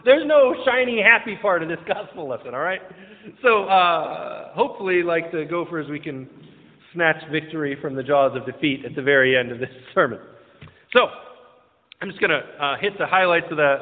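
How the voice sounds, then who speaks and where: Pastor, male, high voice, chatty and joking, lots of ums; echoing church hall. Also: a little fast. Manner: joking, self-deprecating, many fillers and restarts. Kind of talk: casual conversational sermon. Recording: tinny, phone-like sound in a reverberant hall.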